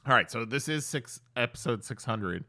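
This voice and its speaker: A man's voice: mid-range voice, lively intonation, moderate pace, bright, forceful tone. A man co-hosting a podcast, joking along and riffing with made-up dialogue. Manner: joking, riffs with imagined dialogue. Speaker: podcast co-host. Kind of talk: casual chat.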